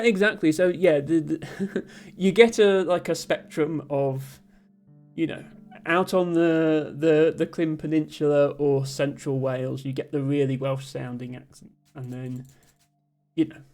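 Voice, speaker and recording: A man chats casually on a live stream, reading out viewers' comments and mulling over each one. His voice sits slightly high, and his talk meanders with frequent ums and self-corrections. Soft music plays faintly beneath him. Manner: thoughtful, rambling, with many ums and restarts; reads out viewer comments and answers them.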